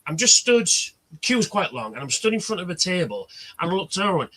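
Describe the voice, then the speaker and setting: A man's voice: sits high, sing-song, fast, a bit bright. Chatty man telling stories. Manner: chatty storyteller, acts out quoted exchanges. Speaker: livestream host. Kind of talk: casual chat.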